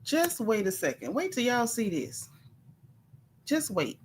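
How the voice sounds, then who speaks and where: A woman's voice: fairly high pitch, huge pitch swings, measured pace, a little hiss or hum. A woman hosting a casual celebrity gossip show, sassy and chatty, talking straight to her viewers as y'all and reading their comments aloud. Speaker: gossip channel host.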